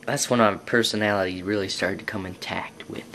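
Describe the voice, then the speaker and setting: A man's voice: sits low, steady tone, a little fast, noisy background. A young man telling personal stories to camera in a rambling, casual way. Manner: rambling, lots of fillers and restarts. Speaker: vlogger.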